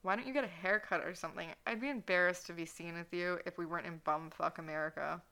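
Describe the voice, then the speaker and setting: A sarcastic, sneering young wizard, all dismissive snobbery, read aloud by a woman. The voice is gravelly with fry and has a bright, sharp edge. It comes across as fanfiction read aloud on a podcast. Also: lowish voice, fairly even intonation, fast.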